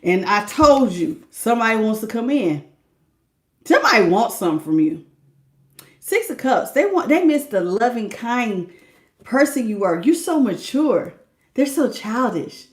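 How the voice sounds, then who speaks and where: Laughing high-voiced woman tarot reader. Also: big pitch swings, a little slow. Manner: laughs often, slangy and playful; acts out imagined people's lines. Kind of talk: live tarot reading with chat greetings.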